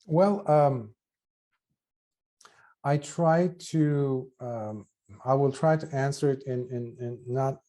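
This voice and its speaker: A man, a Buddhist monk, answering a question in an earnest dharma talk, often pausing and restarting as he searches for words. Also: mid-range voice. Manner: animated, earnest, acts out quoted voices.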